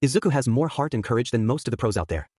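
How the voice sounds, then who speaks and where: A man's voice: mid-range voice, animated, racing, a little mellow, dry recording, studio quality. A man reading a fan fiction story aloud, narrating and voicing the characters. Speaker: fanfic narrator. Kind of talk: scripted narration with character voices.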